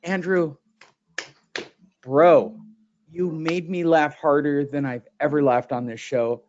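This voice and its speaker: A man in his thirties hosting a podcast in casual chat, excitable and theatrical, swearing and laughing often, on a dull, lo-fi recording. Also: a little high, slow pace, slight background noise. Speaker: podcast host. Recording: dull, lo-fi sound.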